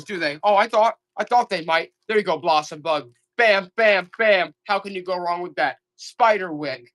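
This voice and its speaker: A live online auction seller doing comic, exasperated hype, repeating offers and pleading with the audience. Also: a bit bright. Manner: repetitive, urgent pitch talk. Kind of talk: live selling stream patter.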